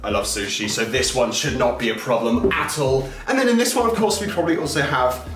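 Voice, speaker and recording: A man's voice: medium pitch, animated, a little fast. A young man hosting a casual taste-test vlog, chatty and exclaiming as he talks to his viewers. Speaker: YouTuber host. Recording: echoey room with light music.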